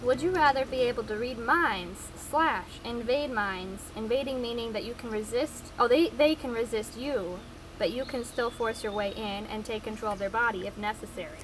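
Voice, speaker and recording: A woman's voice: fairly high pitch, moderate pace, over music, low-quality recording. A woman in casual chat, playfully reading out questions with dry asides. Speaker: co-host reading out audience questions.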